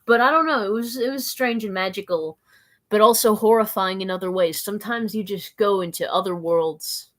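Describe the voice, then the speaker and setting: A Southern American woman rambles through a live stream at normal speed in a somewhat bright, mid-range voice. She giggles, pokes fun at herself, and responds to viewer comments.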